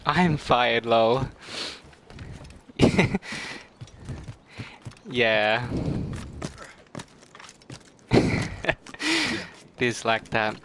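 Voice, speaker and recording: Middle aged guy streaming a game, giggly and chatty, slow easygoing talk, bright voice. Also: medium pitch, very animated, slight background noise. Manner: giggly, breaks into fits of laughter; chatty, talks to chat viewers. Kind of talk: casual gameplay livestream chat.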